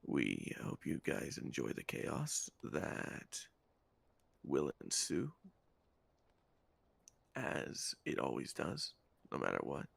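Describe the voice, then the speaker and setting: A man doing a whispered role-play as a soothing ASMR host, talking softly, slowly and breathily to welcome viewers. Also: a bass voice, huge pitch swings, dry recording, pitched below the performer's own voice, heavily acted. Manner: soft, slow, breathy.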